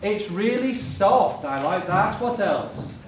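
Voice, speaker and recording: A man's voice: high voice, animated, takes it slowly. A middle-aged man, a chemistry professor, giving a playful public science lecture and joking with the children in his audience. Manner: jokey and playful, talks directly to children in the audience. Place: lecture theatre. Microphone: fixed camera from far off. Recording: echoey lecture hall from far off.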